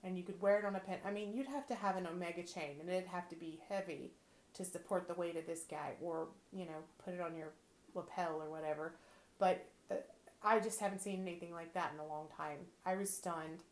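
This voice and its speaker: A woman's voice: lowish voice, steady tone, brisk. Chatty woman in an echoey room. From Texas. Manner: chatty and playful. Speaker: jewelry reseller. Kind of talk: casual chat. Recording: roomy echo.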